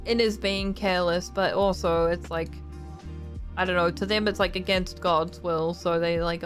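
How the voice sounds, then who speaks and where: A woman's voice: on the low side, fairly even intonation, moderate pace. Chatty young woman streamer. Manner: chatty, laughing, acts out quoted people. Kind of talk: casual storytelling chat. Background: faint music.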